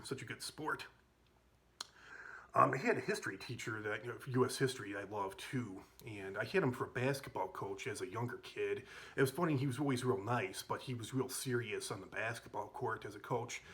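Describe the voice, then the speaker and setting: A man recounts school stories in a loose, rambling way, stopping and restarting often with plenty of fillers. He chuckles now and then as he goes. His voice sits at an ordinary middle pitch. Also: fairly bright tone. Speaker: vlogger telling school stories. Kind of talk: casual storytelling.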